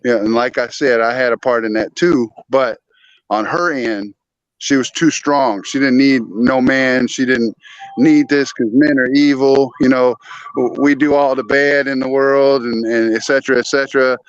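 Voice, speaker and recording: A man's voice: mid-range voice, steady tone, normal speed, no echo, highs cut off. Earnest man telling his story. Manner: earnest, storytelling, acts out old arguments. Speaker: guest. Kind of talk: casual talk show chat.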